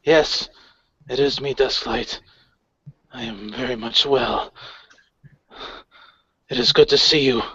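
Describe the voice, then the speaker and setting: A man voicing a gaunt, defiant female werewolf warrior who declaims slowly and proudly. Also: mid-range voice, creaky, bright, forceful tone, husky, dry recording, exaggerated voice. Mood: calm. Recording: dry, muffled lo-fi audio.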